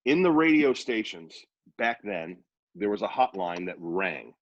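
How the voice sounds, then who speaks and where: A man in his fifties from Worcester, Massachusetts, a radio personality telling rambling, animated anecdotes in a casual interview. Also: on the low side, unhurried, dry recording, dull audio. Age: 50s.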